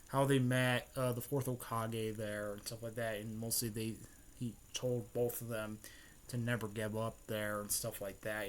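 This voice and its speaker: A man casually retelling a fan-made story, rambling, with many fillers and frequent throat-clearing. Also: mid-range voice, a bit bright.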